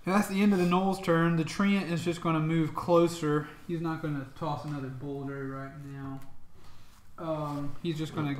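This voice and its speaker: A man's voice: fairly high pitch, flat delivery, normal speed, echoey room. A man narrating a tabletop game as dungeon master, in a loose, chatty way with plenty of ums and laughs.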